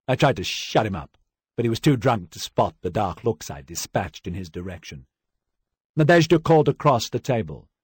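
A low-voiced man reads a first-person audiobook with a husky edge. He tells the tale wryly and dramatically, his pitch swinging widely. The sound is close and dry. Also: a little mellow, dry recording. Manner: wry, dramatic storytelling with acted quotes. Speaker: audiobook narrator.

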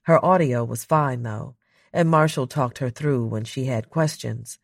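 A narrator reading a science fiction audiobook in an even, measured way. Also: mid-range voice, creaky, dry recording, studio quality.

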